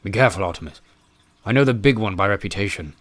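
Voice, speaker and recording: A man doing a calm giant bodyguard. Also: lowish voice, fast talker, no room sound, natural voice. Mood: calm, dry. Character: huge calm bodyguard, grown man, steady and blunt.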